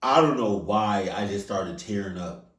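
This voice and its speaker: A man hosting a reaction video, talking in a casual, animated way, stammering and repeating himself. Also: on the low side, unhurried. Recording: echoey room, mic at a distance.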